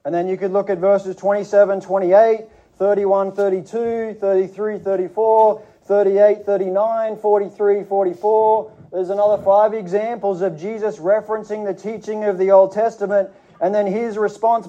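A man preaching a sermon to his church, speaking in an earnest, measured teaching manner with frequent restarts. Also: sits high, steady tone, warm tone, muffled recording.

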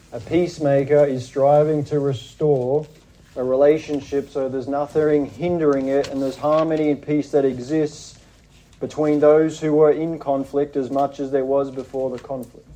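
With a dark, mid-range voice and an Australian accent, a pastor preaches deliberately and at a measured pace, putting emphasis on his points.

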